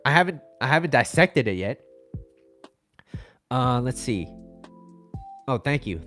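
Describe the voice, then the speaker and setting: A man's voice: mid-range voice, big pitch swings, slow pace, fairly bright tone, soft background music. A young man from the United States chatting casually on his livestream, rambling through stories and reading out viewer comments. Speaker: livestream host.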